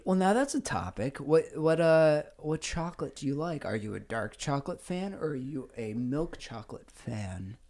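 A man's voice: a little high, animated, normal speed, few pauses, darkish tone. A man chatting as a guest on a casual podcast, asking questions and chuckling. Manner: curious, asks questions, chuckles.

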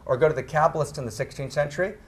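A middle-aged man speaking to a live audience, emphatic, often tagging his phrases with "right?" and slowing down to stress key words. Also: a little high, vocal fry. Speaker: speaker on spirituality and sexuality. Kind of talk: animated talk to a live audience.

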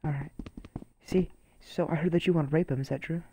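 A man playing a prison guard in an online game's voice chat, barking short, bossy commands over and over. His voice sits a little higher than most men's. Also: steady tone, a little fast, noisy background. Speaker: game player acting as prison guard. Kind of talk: casual game role-play over voice chat.

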